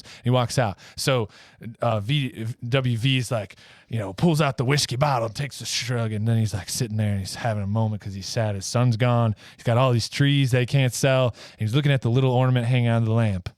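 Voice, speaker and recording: A man's voice: mid-range voice, fairly even intonation, brisk, dry recording, clean studio sound. A man co-hosting a podcast, telling a made-up movie plot in a rambling, laughing way and acting out the characters. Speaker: podcast co-host. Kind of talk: casual chat, storytelling a made-up movie plot.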